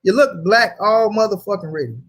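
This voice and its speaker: A man's voice: high-pitched, fairly quick. A man hosting a casual livestream, reading chat aloud and arguing in a heated, profane way. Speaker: host.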